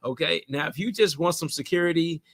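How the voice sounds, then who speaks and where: Animated, storytelling man co-hosting. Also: a little high, a little fast, dry recording. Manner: animated storyteller, mimics callers. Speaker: co-host. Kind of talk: casual conversational advice.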